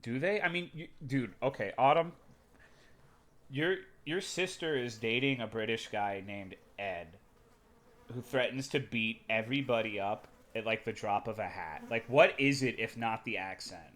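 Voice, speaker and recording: A man's voice: mid-range voice, normal speed, a bit bright. A young adult man streaming live, chatting casually with his chat in a crude, rambling, sarcastic way.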